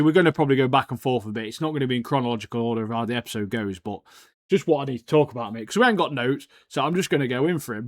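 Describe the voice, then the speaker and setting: A young man co-hosting a podcast, talking in excitable, slangy casual chat and saying "mate" a lot. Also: medium pitch, dry recording, studio quality. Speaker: podcast co-host.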